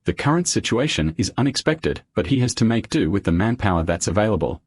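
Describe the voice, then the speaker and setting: A man narrating a comic recap in a steady, scripted storytelling voice. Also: fairly low pitch, fast talker, breathy edge.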